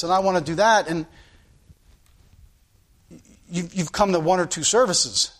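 A man's voice: a little high, a bit bright. A man preaching a sermon to his church as pastor, earnest, with sound-effect asides.

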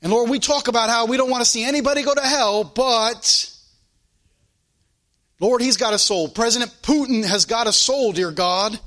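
A man's voice: very high voice, moderate pace, fairly bright tone. A man preaching a sermon and leading a closing prayer, with a fervent, repetitive preaching cadence. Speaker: pastor.

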